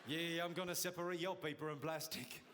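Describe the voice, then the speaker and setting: A comedian putting on a drawling 1970s New York lover. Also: male voice, fairly high pitch, steady tone, fairly quick, natural voice. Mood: mock seductive. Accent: put-on 1970s New York. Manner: mock-seductive, drawling. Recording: echoing theatre hall, loud noise.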